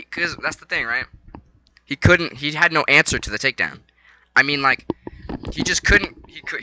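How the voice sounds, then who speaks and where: A young man recaps fight night in a loose, rambling vlog voice. His tone is very bright and sits at an ordinary middle pitch. He stays excitable and slangy, dropping to mumbles and then leaping into loud outbursts. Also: low-quality recording. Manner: excitable, slangy, swings between mumbling and shouting. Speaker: vlogger.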